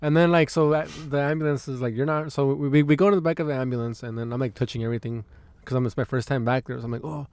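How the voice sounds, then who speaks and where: A man's voice: mid-range voice, rapid-fire, clear, resonant tone. A young man hosting a podcast in casual chat, telling stories animatedly, swearing a lot and acting out what people said. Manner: animated storyteller, swears a lot, acts out quotes. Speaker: podcast host.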